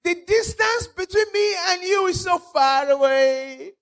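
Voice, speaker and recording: A man voicing Lazarus, a poor beggar in heaven, answering in drawn-out, shouted declamation. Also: extremely high pitch, expressive, pitched above the performer's own voice, exaggerated voice. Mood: sorrowful, firm.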